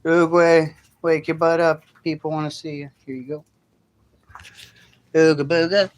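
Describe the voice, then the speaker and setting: A man's voice: a little high, flat delivery, normal speed. A man hosting a casual livestream from his backyard at night on a phone, rambling and talking to his pets. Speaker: livestream host.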